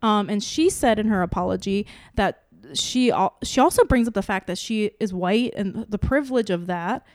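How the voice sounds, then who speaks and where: A woman's voice: medium pitch, lively intonation, moderate pace, few pauses, a little mellow, no room sound. Woman, casual podcast co-host, rambling and profane, dry close mic. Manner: rambling, full of "like" and restarts, swears freely; acts out her own inner questions. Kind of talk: casual chat.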